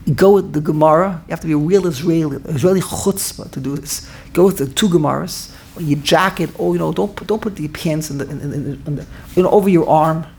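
A man teaching a Torah class in an animated way, often repeating himself and restarting his sentences. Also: on the high side, quick pace, vocal fry, breathy edge. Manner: animated, repetitive, stumbles and restarts mid-sentence.

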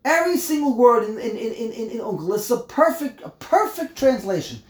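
A man teaching a text study class, explaining word by word, animated and emphatic, often repeating himself. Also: very high voice, a little fast, reverberant. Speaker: Torah teacher.

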